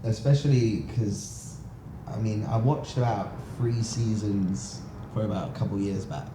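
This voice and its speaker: A man's voice: lowish voice, steady tone, unhurried, noisy background. A man hosting a podcast in casual chat, giving brief, easygoing replies. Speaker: podcast host.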